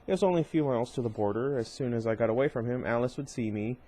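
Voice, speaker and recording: A man's voice: medium pitch, very fast, dark tone. Man reading a novel aloud with wry asides. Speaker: reader.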